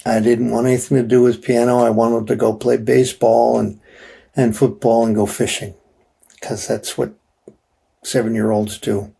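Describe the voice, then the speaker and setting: An older man, a guest in an interview, recounts his near-death story, circling back and restarting sentences with many fillers. His medium-pitched voice is dark, mellow, husky, and gravelly, with a level tone and a slow, deliberate pace.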